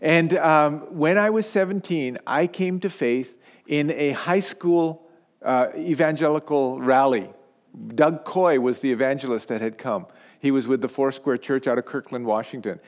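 A pastor in his fifties, originally from Pakistan, preaching a sermon in a relaxed storytelling way and often checking in with his listeners. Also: medium pitch, normal speed. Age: 50s.

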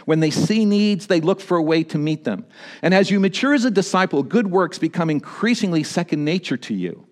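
A pastor delivering a sermon, swinging between emphatic high points and quieter, low-voiced storytelling. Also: male voice, fairly quick. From Canada. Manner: animated preaching, rising to emphatic peaks and dropping low for stories.

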